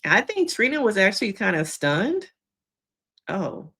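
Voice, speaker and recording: With a low voice and measured delivery, a therapist runs through a reality show episode in a lively, casual recap. She dramatizes the quotes and laughs throughout.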